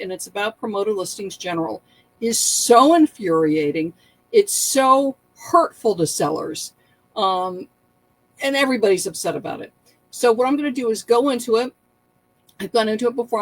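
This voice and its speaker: A woman hosting an online reselling vlog. She talks to the camera in a casual, animated way, with laughing and exaggerated asides. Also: mid-range voice, rough recording. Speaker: online reselling channel host. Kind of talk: casual talking-head vlog.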